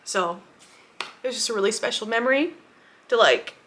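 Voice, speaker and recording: A woman's voice: fairly high pitch, animated, moderate pace, fairly bright tone, a little hiss or hum. A young woman telling a personal story in a casual, emotional way, with many "like"s. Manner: casual, emotional, says "like" often. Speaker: vlogger.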